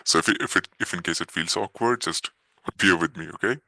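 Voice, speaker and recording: A man through a deep voice changer, bright and harsh. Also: brisk, no room sound, poor audio. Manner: laughing, self-conscious.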